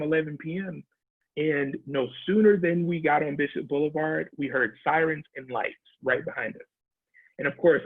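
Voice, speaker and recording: A man's voice: mid-range voice, husky, no echo. A man in his thirties telling stories in an oral history interview over a video call, reflective, often repeating and restarting words. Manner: reflective, many repetitions and restarts. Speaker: interviewee, alumnus. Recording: tinny video call audio.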